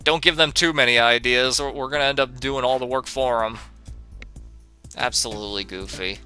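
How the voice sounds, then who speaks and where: Bright, sarcastic young streamer man. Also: medium pitch, moderate pace, faint music behind. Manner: sarcastic, profane, often laughing. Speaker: game streamer. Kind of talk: live-stream commentary answering chat.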